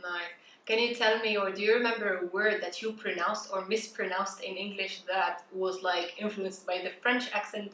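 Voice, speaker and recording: A woman's voice: mid-range voice, fairly even intonation, normal speed, fairly bright tone, a little hiss or hum. Woman host asking questions, casual and filler-heavy, roomy echo. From Tunisia. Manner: friendly, chatty, many fillers. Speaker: interviewer. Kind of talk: casual interview.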